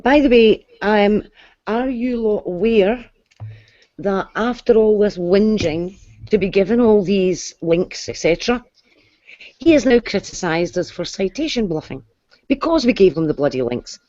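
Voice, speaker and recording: A woman's voice: medium pitch, lively intonation, measured pace, warm tone, dry recording. A woman talks firmly and indignantly in a casual online group chat. Her voice is dry and close, with dull lo-fi web call sound. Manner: indignant, firm.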